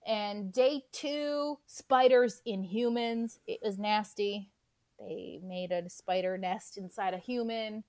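A woman's voice: mid-range voice, takes it slowly, dry recording. A young woman co-hosting a casual podcast, ranting about a movie with swearing and acted-out quotes. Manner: animated, swears, acts out scenes. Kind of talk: casual chat, movie rant.

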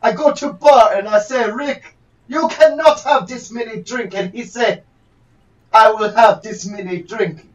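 A man's voice: sits high, a little slow, dull audio. Man putting on a boastful fake foreign lawyer. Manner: pompous, broken English. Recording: distant from the mic.

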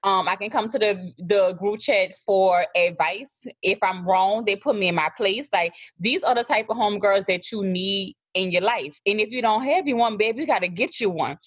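New orleans lady chatting on a podcast, kinda husky, dry close sound, just rambling along easy. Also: medium pitch, normal speed, hardly any pauses, no room sound. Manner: relaxed, chatty storytelling. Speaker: podcast co-host. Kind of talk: casual chat.

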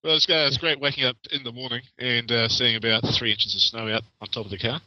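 A man with a New Zealand accent, a guest correspondent chatting in a relaxed, good-humoured way. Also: mid-range voice, fast talker, no room sound, lo-fi sound. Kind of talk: casual podcast chat.

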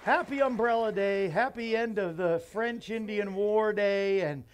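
A man's voice: sits high, measured pace, a little hiss or hum. A man hosting a morning show from a small bookstore studio, chatting casually and rambling to viewers. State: out of breath. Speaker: host.

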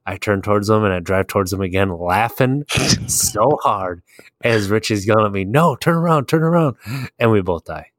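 A man's voice: fairly low pitch, normal speed, no echo, clean studio sound. A man co-hosting a casual gaming chat, telling stories easily and laughing at his own anecdotes. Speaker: podcast co-host. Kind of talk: casual chat about video games.

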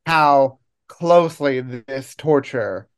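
A podcast co-host talking through a TV episode with dry humor and thoughtful analysis. The voice sits at a middling pitch, and it often slows down deliberately to choose its words. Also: expressive. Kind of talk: casual TV analysis chat.

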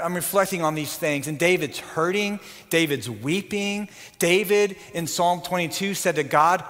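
A man preaching a sermon, impassioned, building to loud emphatic peaks and then dropping quiet. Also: a little high. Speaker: pastor. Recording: long hall reverb.

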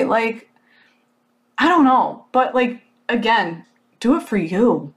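With a voice on the high side and a measured pace, a woman tells a story in a casual motivational talk to her audience, animated and full of "like." Her manner is blunt and unfiltered, with an occasional curse word.

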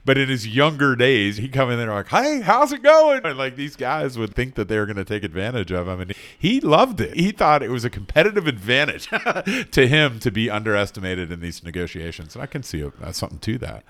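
A man's voice: mid-range voice, lively intonation, a little fast, a bit bright. A middle-aged man from North Carolina, a mediator hosting an interview and thinking aloud in long rambling turns. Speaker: host and mediator. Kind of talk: conversational interview.

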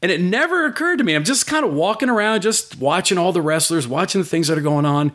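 Animated man telling a story. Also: high-pitched, fast talker. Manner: animated storyteller, swears, acts out voices. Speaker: guest, food business owner. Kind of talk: casual storytelling.

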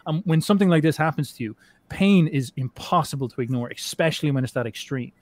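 A man's voice: fairly high pitch, expressive, quick pace, darkish tone, dry recording. A man speaking casually as a podcast guest, rambling and swearing, with many restarts and fillers. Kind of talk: casual conversation.

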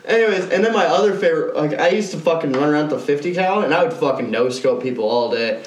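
A young man co-hosting a casual podcast, telling gaming stories in an excitable, profane way with sudden shouted outbursts. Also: on the high side, fast, reverberant. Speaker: podcast co-host. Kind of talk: casual chat.

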